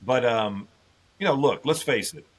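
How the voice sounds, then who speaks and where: A middle-aged man in a podcast conversation, telling a story in a plain, mid-pitched voice. He is animated, breaks into laughs, and acts out quoted lines as he tells it. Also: unhurried. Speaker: podcast guest, former football player. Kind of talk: casual storytelling.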